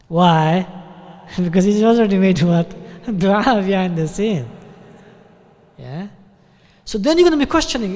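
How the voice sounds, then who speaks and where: A man with a British accent giving a sermon at a mosque, talking conversationally and often checking in with a quick "yeah?". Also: high voice, lively intonation. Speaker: sheikh giving a talk. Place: mosque hall. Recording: long hall reverb.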